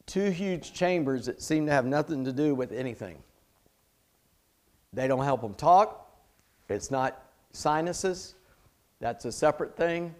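A man's voice: a little high, animated, unhurried, long pauses. A middle-aged man preaching a sermon in a conversational way, with chatty asides and jokes. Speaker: pastor.

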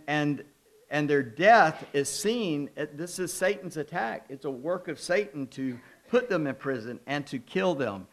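A man's voice: a little high, fairly bright tone. A man, a pastor giving a conversational sermon full of personal stories, self-deprecating humor and frequent asides.

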